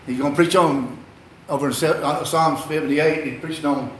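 A man's voice: fairly high pitch, fairly even intonation, moderate pace, slight background noise. An older man preaching a sermon, telling folksy, rambling stories and repeating his phrases. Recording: echoey hall.

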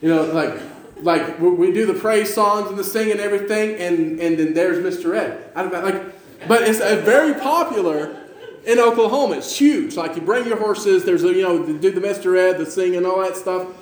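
A man's voice: sits high, normal speed. A male pastor with a Western New York accent, preaching a sermon in a jokey storytelling way with stammering restarts. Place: church sanctuary. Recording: echoey church room.

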